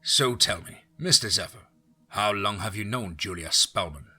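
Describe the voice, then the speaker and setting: A man voicing a polite, formal older male visitor in a spoken horror story, courteous and measured. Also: on the low side, pushed and bright, slightly rough, exaggerated voice.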